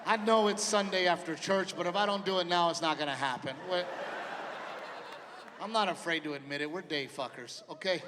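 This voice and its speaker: On a large theater stage before a live audience, a middle-aged stand-up comedian delivers a brisk, brash, profane set, voicing the characters in his stories. His voice is high for a man and echoes through the big hall with long reverb, the crowd clearly audible.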